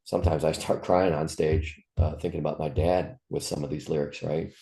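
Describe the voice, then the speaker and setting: A man's voice: a bass voice, little pitch movement, a little fast, dark tone. A man in his fifties, a musician telling personal stories in an interview, speaking in a raw, profane and heartfelt way. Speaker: musician guest. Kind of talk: candid interview storytelling.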